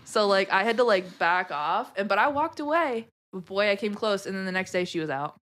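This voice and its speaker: A woman guest on a podcast, telling a story in a casual, animated way, swearing a lot and saying "like" constantly. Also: mid-range voice, fairly quick. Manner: animated, profane, heavy use of "like".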